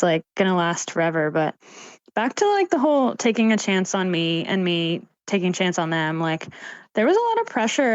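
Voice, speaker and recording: A young woman from Canada chatting casually as a podcast guest, animated and laughing often, with lots of "like.". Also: fairly low pitch, no echo, dull audio. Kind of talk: casual chat. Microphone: remote call mic.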